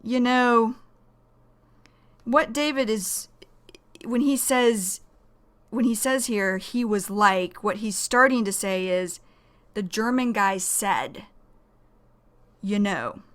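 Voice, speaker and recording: Patient woman English teacher, mid pitch, unhurried, repeats each word as she explains it. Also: a bit bright. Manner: explains words slowly, repeating them. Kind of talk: slow, careful vocabulary lesson.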